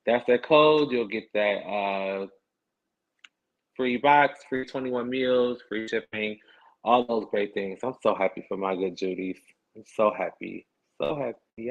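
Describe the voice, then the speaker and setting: A man's voice: fairly low pitch, steady tone, normal speed. A man hosting a podcast livestream, chatting casually in a sassy, slangy way. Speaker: podcast host. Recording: dull lo-fi stream audio.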